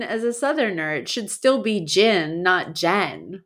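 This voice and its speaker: A woman's voice: mid-range voice, very animated, unhurried, hardly any pauses, a bit bright. A woman co-hosting a casual podcast, reading listener posts aloud and chatting with lots of laughs and "like"s. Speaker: podcast co-host.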